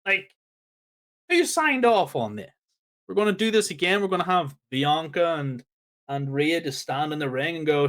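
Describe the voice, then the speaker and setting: A man co-hosting a casual podcast chat, ranting in an exasperated, animated way. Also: on the high side, normal speed. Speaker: podcast co-host.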